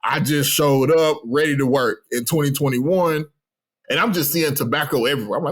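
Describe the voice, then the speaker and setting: A man's voice: a little high, a little fast. A man, telling stories as an interview guest and acting out the lines he quotes. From Texas. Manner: animated, acts out his own remarks and others' lines in quotes. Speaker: guest, postdoctoral researcher. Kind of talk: casual storytelling interview.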